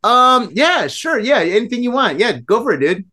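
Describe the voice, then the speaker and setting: A man's voice: extremely high pitch, very animated, normal speed, bright, forceful tone, faint music behind. A man co-hosting a drinking podcast, chatting loosely and laughing a lot. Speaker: podcast co-host. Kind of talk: drunken casual chat.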